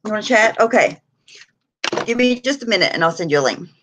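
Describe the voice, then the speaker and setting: A woman's voice: medium pitch, expressive, fairly quick, noisy background. Woman live-streamer, worn out, loose and chatty; greets the chat by name, laughs often. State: tired.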